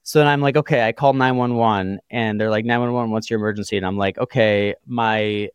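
A man's voice: on the low side, steady tone, brisk, clean tone, dry recording. A man co-hosting a podcast, telling a phone-call story with dry humor and reading the show credits. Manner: wry, dramatic storyteller acting out phone calls. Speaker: podcast co-host. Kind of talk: casual chat and show outro.

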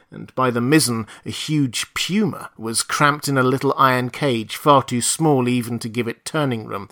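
A man narrating a classic novel in a measured, even storytelling voice. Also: mid-range voice. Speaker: audiobook narrator. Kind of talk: scripted narration.

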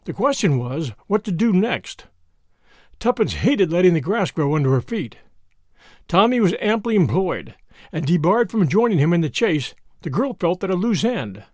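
Expressive male audiobook narrator. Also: high voice, moderate pace, dry recording, studio quality. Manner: expressive storytelling. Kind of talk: scripted narration.

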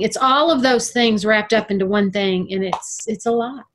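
A middle-aged woman talks in relaxed conversation, earnest and emphatic. She stretches out key words for emphasis, and her voice sits in an ordinary middle range for a woman. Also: medium pitch, normal speed, few pauses. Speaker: guest. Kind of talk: casual conversation.

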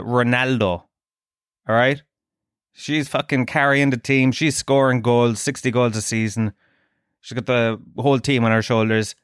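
A man rambles through a crude comic monologue as a podcast host, jumping between jokes and voiced quotes. His voice sits at an ordinary middle pitch, recorded close and dry with no room sound. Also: fairly bright tone, no room sound. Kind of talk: comedic monologue.

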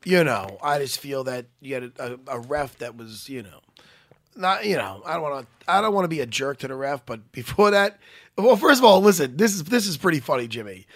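A man co-hosting a casual talk show, telling animated, profane stories. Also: on the high side, brisk, no echo, studio quality. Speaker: podcast co-host. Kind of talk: casual chat.

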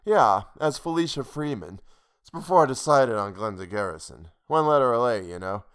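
A male narrator does a coarse, tipsy aging actress in a storybook reading. She talks loose and slurring, crude and blunt. The voice sits at a middling pitch. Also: animated, normal speed, fairly bright tone, clear, resonant tone, natural voice. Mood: boozy, blunt. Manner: coarse, slurring drunk chatter. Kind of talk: audiobook character voice.

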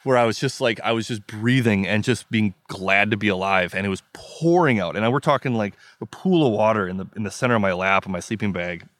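A man's voice: lowish voice, a little fast, hardly any pauses, a bit bright, no echo, studio quality. A man from the US Midwest, a podcast guest, telling a story in vivid, emphatic detail and acting out his own thoughts. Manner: vivid, emphatic retelling with acted-out inner quotes.

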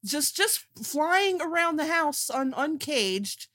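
A woman co-hosting a casual movie review chat, animated and blunt, laughing as she talks. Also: sits high, slow, no room sound. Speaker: podcast co-host.

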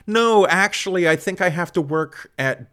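A man's voice: high-pitched, moderate pace, fairly bright tone, clear, resonant tone. A man talking casually as a guest scholar, profane and self-mocking, telling stories with plenty of swearing. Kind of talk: casual conversation.

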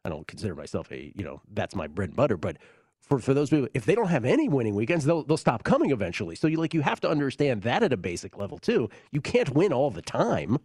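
A man hosting a sports betting talk show, chatting casually in the studio with a quick, animated delivery and frequent laughs. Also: mid-range voice, slightly rough, no room sound. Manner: lively, quick, laughs often.

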